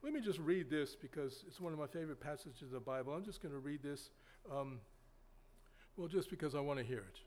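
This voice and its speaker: A man preaching a sermon in a folksy, rambling way, with many restarts and sudden loud emphasis. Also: on the high side, lively intonation, brisk. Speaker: pastor.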